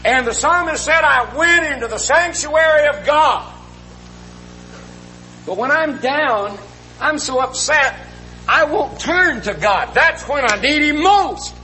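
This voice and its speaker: A man's voice: very high voice, animated, takes it slowly, sharp tone, slight background noise, rough recording. A middle-aged man preaching a sermon, earnest and folksy, often asking the congregation questions.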